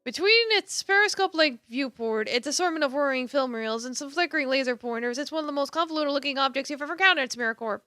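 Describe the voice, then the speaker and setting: A woman's voice: sits high, quick pace, few pauses, sharp tone, no room sound, studio quality. Playful woman streamer reading a game. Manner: playful, self-mocking, laughs at her own voices. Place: home streaming setup.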